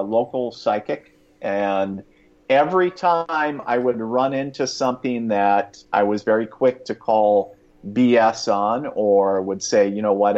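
A man with a mid-pitched voice tells a personal story in a loose, rambling way, full of fillers and quick chuckles. The sound is dull and lo-fi. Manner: rambling, many fillers and restarts, chuckles often. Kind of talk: casual spoken storytelling.

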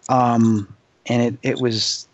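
A male guest telling an excitable, rambling story as a paranormal investigator, acting out other people's voices. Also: medium pitch, slow pace, no echo, highs cut off. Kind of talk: animated anecdote storytelling.

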